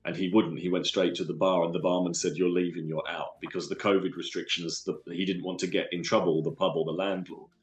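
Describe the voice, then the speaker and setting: A man from London with a London accent, a guest telling stories from his life in an earnest, halting way with many restarts. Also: low voice, level tone, echoey room. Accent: London English. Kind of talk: casual storytelling interview.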